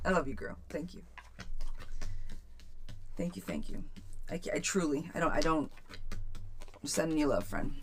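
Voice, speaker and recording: A woman's voice: sits low, very animated, normal speed, long pauses. Chatty woman reading tarot live. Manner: chatty, reads viewer questions aloud, calls viewers girl and friend. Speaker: tarot reader.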